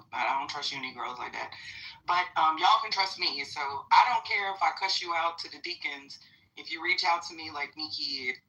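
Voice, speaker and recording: Middle-aged woman running a chat room, low voice but bright and forceful, blunt and cussy, sounds a bit far from the mic. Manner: blunt, chatty, swears freely, keeps addressing the room. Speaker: audio chat room host. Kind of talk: casual live audio chat.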